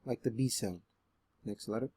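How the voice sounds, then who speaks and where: Man, Arabic reading teacher, casual and chatty, many ums, loud emphatic letter sounds. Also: fairly low pitch, moderate pace, slightly rough. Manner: relaxed and chatty, with frequent ums. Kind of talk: beginner Arabic lesson video.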